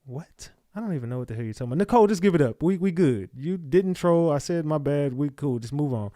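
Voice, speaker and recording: In studio-quality audio with no room sound, a male livestream host reads chat comments aloud and snaps back at viewers with blunt, profane casual talk. His voice is slightly high and dark-toned, expressive and quick.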